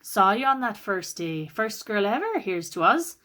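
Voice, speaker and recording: A woman's voice: mid-range voice, sing-song, measured pace, sharp tone. A woman doing a cocky, rowdy young man. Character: cocky, cheerful young man egging others on.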